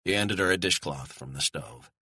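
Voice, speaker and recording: A man narrating a thriller audiobook in a measured, suspenseful reading. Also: deep voice, animated, bright, forceful tone, husky, no room sound, clean studio sound.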